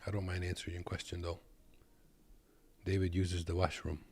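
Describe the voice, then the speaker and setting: A man's voice: low voice, level tone, normal speed, a little mellow, breathy edge. A man from Kazakhstan who drives trucks, giving laid-back, joking reaction commentary from his desk. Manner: laid-back, joking, talks to viewers as "boys".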